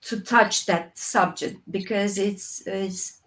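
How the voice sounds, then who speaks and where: A woman from Romania, a guest in an interview, speaking English slowly and reflectively with many pauses and restarts. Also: mid-range voice, fairly even intonation, a bit bright, low-quality recording. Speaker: interview guest, puppeteer and actress. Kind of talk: slow reflective conversation.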